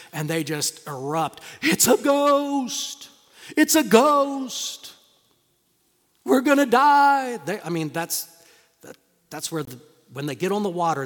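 A male pastor with a fairly high voice delivers a sermon in a dramatic storytelling style, acting out voices and dropping to hushed tones. The recording has a long reverb tail.

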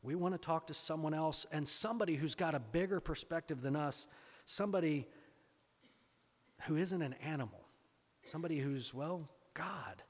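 A man with a fairly high voice delivers a sermon, posing questions to his listeners and driving points home through repetition. His words trail off into the long reverb of a big hall. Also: moderate pace. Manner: asks rhetorical questions and repeats phrases for emphasis. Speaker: pastor.

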